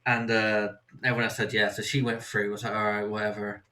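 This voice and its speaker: Bright-voiced man with a West Country accent. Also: fairly low pitch, little pitch movement, fairly quick. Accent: West Country English. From Somerset, England. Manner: rambling anecdotes, acts out quoted voices. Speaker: podcast host. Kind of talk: casual chat, storytelling.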